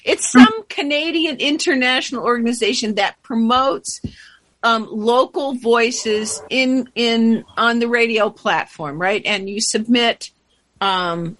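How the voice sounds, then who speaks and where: A woman co-hosting a community radio show who pauses and searches for words as she talks. Her voice sits slightly high. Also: a bit bright.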